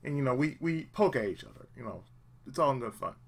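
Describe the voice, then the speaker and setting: A man's voice: mid-range voice, lively intonation, fast, vocal fry. A man hosting a let's play channel, giving earnest, emphatic advice in casual talk and often repeating himself for emphasis. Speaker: let's play host, aspiring voice actor.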